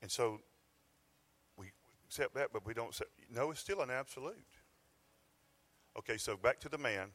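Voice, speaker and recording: A man's voice: mid-range voice, animated, normal speed, long pauses, a bit bright. A middle-aged man preaching a sermon in a church, folksy and conversational with bursts of emphasis. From Georgia, US. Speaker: pastor. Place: church sanctuary.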